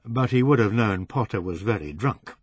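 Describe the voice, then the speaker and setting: A man narrating a novel as an audiobook reader, in a measured way that slows on descriptive phrases. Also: on the low side, animated, husky, no room sound.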